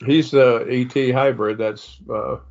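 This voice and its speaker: An older man speaks as a psychic medium in a meandering spiritual monologue, stopping and restarting often with many fillers. He sniffles as he talks, and his voice sits at an average pitch for a man. The recording is dull and lo-fi. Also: fairly even intonation, takes it slowly, vocal fry, darkish tone.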